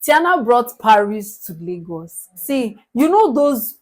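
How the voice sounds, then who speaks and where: A Nigerian woman recapping a reality show in casual, animated gossip, laughing often. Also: fairly high pitch, takes it slowly. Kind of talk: casual chat.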